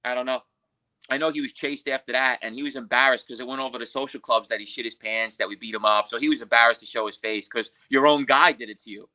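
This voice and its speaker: A man from Queens, telling a story as a podcast guest in a profane, animated way and acting out what others said. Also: medium pitch, quick pace. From Queens, New York. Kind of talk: casual storytelling.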